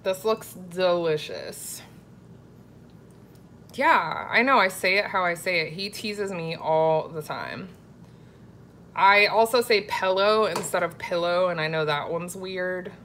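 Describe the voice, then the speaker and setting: A woman from Florida talks casually to viewers on a live cooking stream. She reads their comments aloud and answers them in a chatty, easy way. Her voice sits a little low, with a faint hiss behind it. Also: slow, fairly bright tone. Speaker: cooking vlogger.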